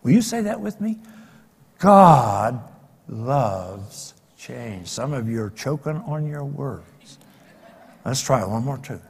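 An older man preaching a sermon as pastor, dramatic, swinging between loud exclamations and hushed lines. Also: medium pitch, sing-song, a little slow, slightly rough. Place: church sanctuary. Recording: long reverb of a large hall.

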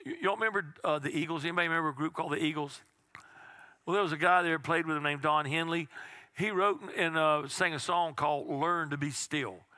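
A middle-aged man preaching a sermon as pastor, slowing right down for key phrases and dropping to a hush on the quiet lines. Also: on the high side, dry recording. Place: church sanctuary.

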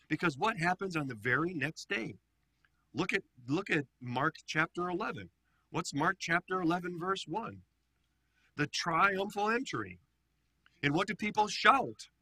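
Male pastor, Bible study leader; bright, breathy voice, animated and questioning, dry room. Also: fairly high pitch, measured pace, dry recording. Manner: animated, asks the group frequent questions. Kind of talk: interactive Bible teaching.

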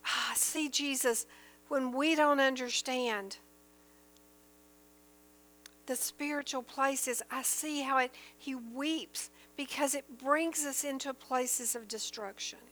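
A woman with a high voice gives an earnest Bible teaching. She talks at an unhurried pace, reading verses aloud and stressing the key points. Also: fairly even intonation, a bit bright. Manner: earnest and emphatic, reads scripture aloud then explains it. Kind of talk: sermon-style Bible teaching.

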